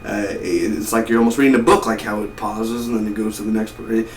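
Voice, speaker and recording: A man's voice: fairly low pitch, steady tone, a little fast. Rambling man reviewing a film. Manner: rambling, repeats words, enthusiastic. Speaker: movie reviewer. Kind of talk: casual spoken review. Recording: roomy echo, distant mic, faint noise.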